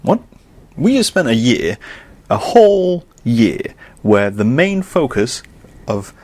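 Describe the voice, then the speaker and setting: A young man hosting a podcast, ranting casually and swinging from low muttering to loud exasperated outbursts. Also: big pitch swings, slow pace. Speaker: podcast host.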